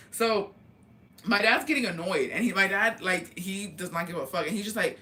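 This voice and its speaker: Young woman, vlogger, casual storytime gossip, crisp bright tone, swears freely, acts out quotes. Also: mid-range voice, fairly quick. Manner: animated, profane, acts out quoted dialogue.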